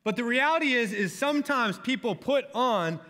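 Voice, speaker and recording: In a big, echoing hall with long reverb, a young Texan-drawling pastor of a college ministry delivers a sermon to students at normal speed. His high, bright voice has lively intonation as he tells stories and jokes with the audience.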